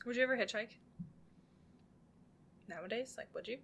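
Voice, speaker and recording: A young woman co-hosting a podcast in casual chat, reacting with quick exclamations and jokes and laughing easily. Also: fairly high pitch, vocal fry, a bit bright, slight background noise. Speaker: podcast co-host.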